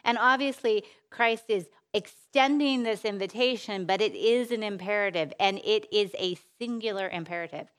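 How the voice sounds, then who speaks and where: At a women's Bible teaching session, a woman with a smooth, medium-pitched voice delivers a sermon-style talk. She speaks earnestly and without hurry, repeating phrases for emphasis, posing rhetorical questions, and softly trailing off at the ends of phrases.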